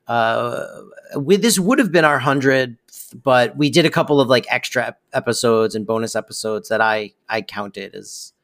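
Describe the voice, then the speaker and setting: A man's voice: mid-range voice, normal speed, a bit bright. Rambling man co-hosting a podcast. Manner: rambling, self-correcting, enthusiastic. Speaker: podcast co-host. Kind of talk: casual chat reviewing a sitcom episode.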